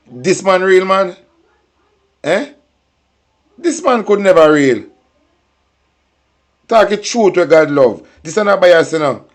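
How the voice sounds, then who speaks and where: A man with a Jamaican accent hosting a political commentary show, ranting in heated, profane patois-laced talk. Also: fairly high pitch.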